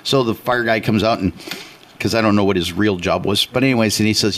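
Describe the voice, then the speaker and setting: A man co-hosting a talk radio show, telling an anecdote in an animated, chatty way. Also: lowish voice, brisk. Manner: animated anecdote teller, chatty, many fillers. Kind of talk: casual storytelling on talk radio.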